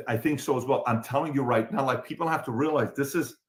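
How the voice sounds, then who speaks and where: A man's voice: mid-range voice, fast talker. A man from the Middle East with a Middle Eastern accent, hosting a casual political talk show and repeating his points emphatically. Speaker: show host.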